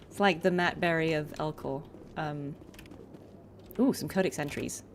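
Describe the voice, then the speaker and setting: A woman's voice: sits low, a little slow, slight background noise. A young adult woman voice actor chatting casually while playing a game, explaining and demonstrating voices. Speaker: voice actor and gaming streamer. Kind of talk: casual gameplay commentary.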